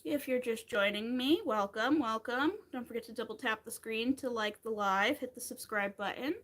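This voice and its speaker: A woman's voice: a little high, normal speed, a bit bright. A woman in her thirties chatting in an upbeat way with viewers as she crochets on a live stream. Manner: chatty, upbeat, talks to viewers between stitches. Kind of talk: casual live-stream chat while crocheting.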